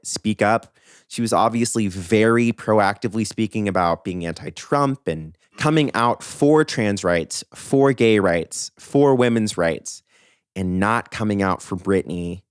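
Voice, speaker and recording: A young man hosting a podcast, giving animated, opinionated commentary on pop music news with emphatic asides. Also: fairly low pitch, clear, resonant tone, dry recording, clean studio sound. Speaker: podcast host.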